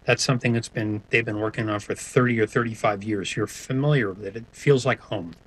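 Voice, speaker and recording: A man's voice: fairly low pitch, brisk, breathy edge, rough recording. A man speaking as a guest in an interview, answering in a hesitant way with many restarts. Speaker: sonic branding guest.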